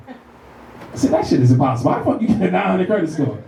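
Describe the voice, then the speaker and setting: A middle-aged man from the Bronx with a New York accent, doing a loud, profane stand-up set with shrill put-on voices. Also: very animated, fast, creaky, a little hiss or hum. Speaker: stand-up comedian. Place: comedy club stage. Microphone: handheld stage mic. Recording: roomy club sound from a distant mic. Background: audience laughter.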